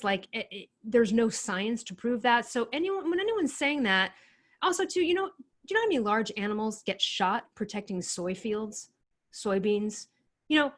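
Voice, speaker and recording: A woman's voice: mid-range voice, fairly bright tone. A woman co-hosting a podcast, speaking her mind in an opinionated, ranting way in casual chat. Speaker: podcast co-host.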